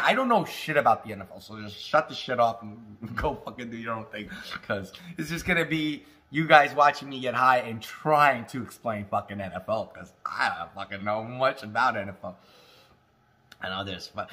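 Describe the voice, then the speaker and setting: A man hosting a casual cannabis talk, high and rambling, swearing freely, joking and coughing between lines. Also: bright, forceful tone. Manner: rambling, profane, jokey, with laughs and smoker's coughs. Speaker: cannabis review host. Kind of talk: casual stoned monologue.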